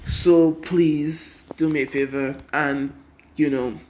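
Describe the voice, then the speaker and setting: A man's voice: a little high, steady tone, slow. A tired young man casually narrating a fan story, rambling with constant 'and then' and 'he's like'.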